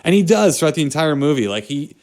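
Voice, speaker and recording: A man's voice: a little high, sing-song, quick pace, a little mellow. A man co-hosting a podcast, chatting about movies in a joking, rambling way. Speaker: podcast co-host. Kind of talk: casual movie chat.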